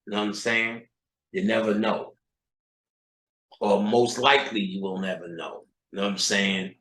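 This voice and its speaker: A man's voice: fairly low pitch, sharp tone. A man giving a freewheeling, profane lecture, emphatic and rhetorical, who keeps checking in with his listeners and repeats lines for punch. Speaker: occult lecturer. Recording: echoey room.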